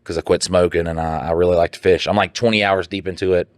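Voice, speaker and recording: A man co-hosting a podcast, reading listener posts aloud and riffing on them with profane, animated jokes. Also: fast talker, no room sound. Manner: animated, joking, breaks into laughter, jumps up in pitch for mock voices. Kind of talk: casual profane banter.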